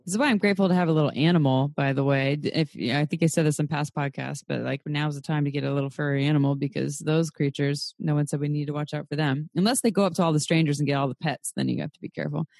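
A young adult woman hosting a podcast in casual chat, animated and cursing, her pitch jumping sharply. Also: vocal fry, no room sound, clean studio sound. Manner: animated, swearing, quick pitch jumps. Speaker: podcast host.

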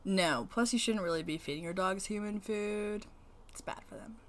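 A woman's voice: mid-range voice, normal speed. A woman co-hosting a casual podcast, teasing and blunt, swearing casually as she chats. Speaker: podcast co-host. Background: dog whining.

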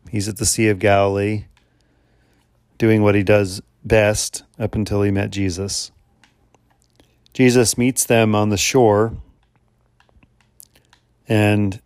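A man hosting a faith podcast as a former chaplain, retelling a scripture story in an earnest, measured sermon style with rhetorical questions. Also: fairly low pitch, no room sound, studio quality. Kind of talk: reflective spoken sermon.

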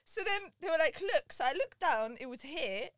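A young woman, telling a story in a casual group chat, animated and full of slang. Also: high voice, moderate pace, dry recording, studio quality.

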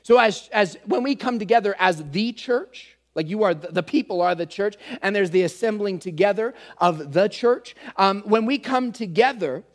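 A man's voice: high voice, normal speed, hardly any pauses. A man preaching a conversational teaching sermon, earnest and speaking straight to his listeners as he explains word meanings.

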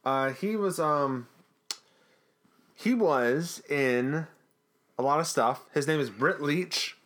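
A man's voice: fairly high pitch, slow, a bit bright. A man co-hosting a podcast, casually recapping a TV episode in a jokey, rambling way. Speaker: podcast co-host.

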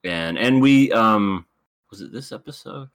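Male podcast co-host, very low voice, dry sound, giggly and hesitant. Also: animated, a little slow, a bit bright, dry recording. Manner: laughs a lot, hesitant with fillers. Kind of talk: casual chat.

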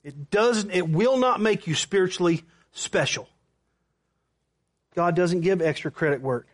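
A man's voice: sits high, unhurried. A man preaching a sermon, telling a personal story with quoted back-and-forth dialogue. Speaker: pastor.

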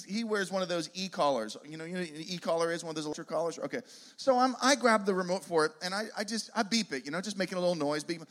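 Middle-aged male speaker, high-pitched, animated storyteller with lots of restarts, self-deprecating humor, preaching to a crowd. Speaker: youth ministry speaker. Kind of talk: storytelling sermon to a live audience.

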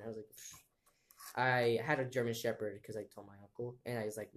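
A man's voice: mid-range voice, brisk. Young man, casual podcast banter, frequent laughter, rambling. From Mexican family background. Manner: laughs often, rambling jokey asides. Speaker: podcast co-host.

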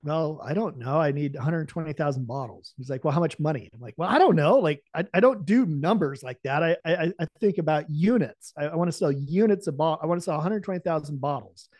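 Man, podcast guest, storytelling, acts out dialogue, slightly higher voice, dry close sound. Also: a little fast, few pauses, dry recording. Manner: animated, acts out the dialogue of his story with lively laughs. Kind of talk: telling a personal story in an interview.

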